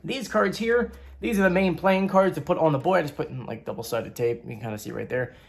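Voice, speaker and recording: A YouTube host with a slightly high, creaky voice talks fast as he shows viewers a homemade game board on his channel. It's a chatty, upbeat show-and-tell with rambling asides, and faint music plays behind him.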